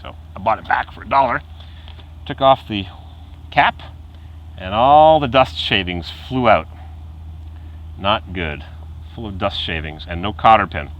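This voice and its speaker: A man's voice: fairly low pitch, unhurried, long pauses, muffled recording. A man casually telling a rambling car repair story outdoors at night, chuckling and imitating the noises the car makes. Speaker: car hobbyist vlogger.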